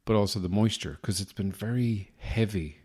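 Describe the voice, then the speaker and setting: A man's voice: lowish voice, normal speed, darkish tone, husky. An Irish man hosting a podcast, delivering a rambling, self-deprecating comic monologue with a wry manner. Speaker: podcast host.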